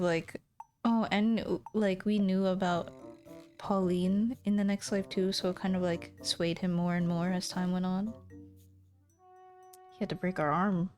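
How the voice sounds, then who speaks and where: Young woman streamer, bubbly and giggly, slow easy pace, faint music behind. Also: fairly low pitch, darkish tone. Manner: bubbly, giggly, drawn-out playful exclamations. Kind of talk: casual chat while playing a visual novel.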